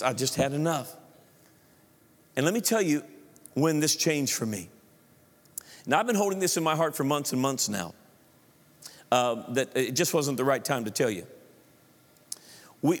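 Male pastor, middle-aged, sermon, animated, slightly high voice, long church-hall reverb. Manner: animated preaching, acts out his inner voice, asks the congregation questions. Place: large church auditorium.

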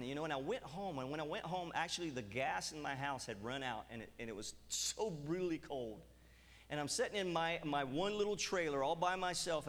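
A middle-aged man preaching a sermon and telling his own story, acting out bits of dialogue. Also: medium pitch. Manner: animated storytelling with acted-out dialogue. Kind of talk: sermon with personal testimony. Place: church hall. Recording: long hall reverb.

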